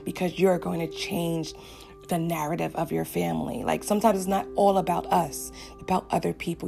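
A woman's voice: lowish voice, flat delivery, normal speed, creaky, music in the background. A woman giving an earnest devotional message and a fervent prayer to her listeners. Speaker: faith speaker addressing listeners.

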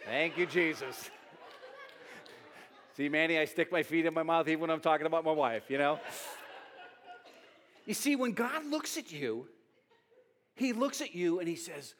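A man preaching a sermon as pastor, animated, often restarting his words, speaking in a church hall. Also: a little high, normal speed, pauses often.

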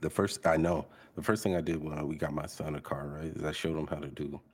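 A middle-aged father chatting casually as a podcast guest, relaxed and fatherly, with many pauses and fillers. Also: rumbling low, breathy edge. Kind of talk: casual chat.

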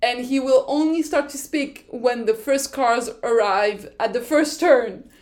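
A woman from France with a French accent, hosting a podcast in a casual, excitable explainer style that often breaks into laughter. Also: fairly high pitch, unhurried. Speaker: podcast host.

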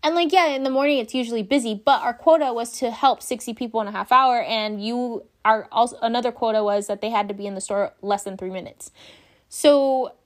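A young woman, a former shift supervisor, telling work stories in a casual, animated way, swearing freely and acting out the people involved. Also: on the high side, a little fast. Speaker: vlogger, former coffee shop shift supervisor. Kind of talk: casual storytelling rant.

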